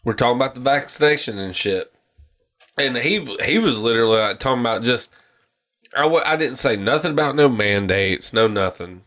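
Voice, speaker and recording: A man's voice: mid-range voice, brisk. A man hosting a podcast in casual chat, ranting and telling stories with lots of swearing. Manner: profane, ranting, animated storytelling. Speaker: podcast host.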